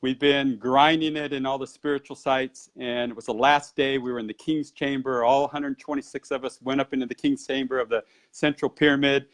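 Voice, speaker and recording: A man with an ordinary middle-pitched voice tells a personal story in an interview. His delivery is animated, and his pace speeds up and slows down as the tale builds. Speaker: Qigong and Tai Chi teacher.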